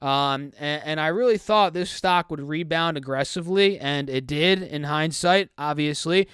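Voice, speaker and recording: Young male stock YouTuber, casual and chatty, bright clean voice, dry close mic. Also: high-pitched, clean tone, dry recording. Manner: quick, chatty, self-correcting. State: recovering from illness, slightly choked. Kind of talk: casual stock market commentary.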